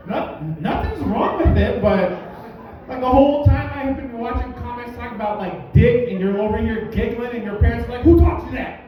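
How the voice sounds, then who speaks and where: A stand-up comedian from Albuquerque doing a profane, mock-angry rant at a bar comedy night. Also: male voice, very high-pitched, normal speed. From Albuquerque, USA. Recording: echoey, dull, distant room recording.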